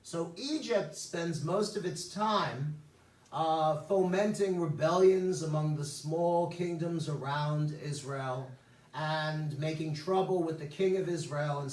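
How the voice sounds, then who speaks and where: Male rabbi teaching a Bible class, joking storyteller; slightly high voice, roomy and distant mic. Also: a little mellow. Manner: wisecracking storyteller, chatty asides. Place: temple room.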